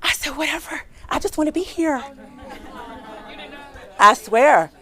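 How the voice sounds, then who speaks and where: Fast-talking, animated woman recruiter. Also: high voice, some chatter behind. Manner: fast-talking, animated, chatty, asks the audience questions. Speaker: recruiter giving a career workshop. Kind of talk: lively workshop talk to an audience.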